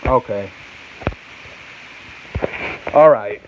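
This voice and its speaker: A man with a fairly high voice hosts a loose sports talk show, circling back over the same points and stumbling through restarts. The recording is muffled and lo-fi, with a faint sizzle behind him. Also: normal speed, slight background noise. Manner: rambling, repeats himself, restarts often; answers off-mic chat and reads live comments. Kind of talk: casual sports chat.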